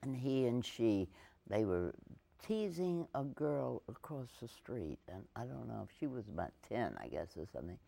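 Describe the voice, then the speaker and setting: Older woman with a deep, gravelly voice. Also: big pitch swings, mellow. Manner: halting, full of restarts, laughs often. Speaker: interviewee. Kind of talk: casual reminiscing in an interview.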